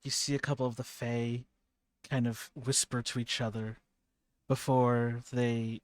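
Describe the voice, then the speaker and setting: A man narrating a tabletop game as game master, in a slow, halting way. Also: mid-range voice, flat delivery, no echo.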